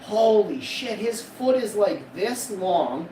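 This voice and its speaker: A man's voice: high-pitched, expressive, takes it slowly. Boastful profane man, echoey distant. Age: 40s. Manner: boastful, profane, laughing at his own story. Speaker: streamer. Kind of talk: rambling live-stream storytelling. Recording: echoey room, distant mic, loud background noise.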